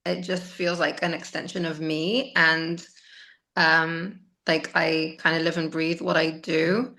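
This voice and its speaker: A woman in her thirties with a bright, ringing voice shares personal stories as a podcast guest. Her talk is lively and emotional, often broken by laughter. The sound is close and plain. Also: low-pitched, slow pace, creaky. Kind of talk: casual conversational storytelling.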